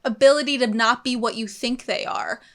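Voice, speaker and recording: A young woman with a slightly high voice talks in a relaxed, enthusiastic way. She thinks aloud as she goes, with plenty of fillers and small restarts, like a co-host in a casual discussion. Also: a little fast. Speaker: co-host of an anime reaction channel.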